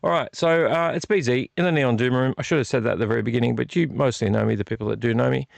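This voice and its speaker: Gravelly man hosting a vlog. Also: mid-range voice, quick pace, no room sound. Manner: rambling and repetitive, apologetic. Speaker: vlog host. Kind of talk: casual late-night live chat. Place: small home studio room.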